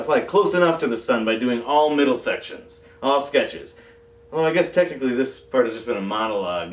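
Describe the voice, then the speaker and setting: A man's voice: mid-range voice, far from the mic, a little hiss or hum. A man hosting a comedy show, delivering a monologue with dry, self-mocking asides. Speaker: talk show host. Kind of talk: comic monologue. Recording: roomy echo, off mic, faint music.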